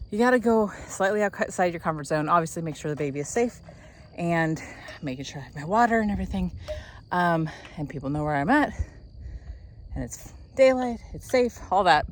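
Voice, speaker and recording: A young woman talks in a chatty, rambling way while hiking outdoors, a little out of breath. Her voice sits a bit low for a woman. The recording comes from a camera in her hand, with steady outdoor noise behind her. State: slightly out of breath. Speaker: vlogger. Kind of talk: casual walking vlog.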